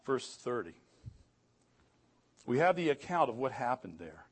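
A man's voice: mid-range voice, very animated, a little slow, breathy edge. A middle-aged man preaching a sermon in an earnest way, often repeating words, and rising in emphasis on key phrases. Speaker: pastor.

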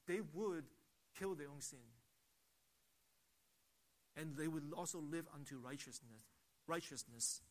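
A man's voice: a little high, a bit bright. A man preaching a sermon, emphatic, asking rhetorical questions and repeating phrases as he builds his points. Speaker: pastor.

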